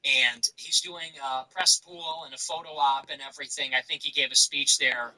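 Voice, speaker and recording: A man's voice: mid-range voice, fairly even intonation, moderate pace, pushed and bright, rough recording. A man hosting his own show, talking in a blunt, profane, casual ranting monologue. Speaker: show host.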